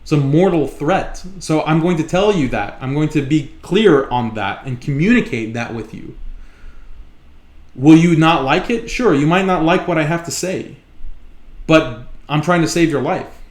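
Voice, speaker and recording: Male live-show host, fairly high voice, emphatic and repetitive, echoey room. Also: lively intonation, unhurried. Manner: emphatic, repeats points for stress. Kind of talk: live solo commentary.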